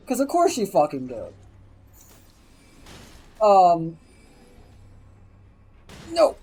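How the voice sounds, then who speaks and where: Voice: medium pitch, huge pitch swings, slow pace, pauses often, warm tone, slightly rough, rough recording. A streamer telling a story in a casual live stream, swearing freely, rambling and acting out the people being quoted.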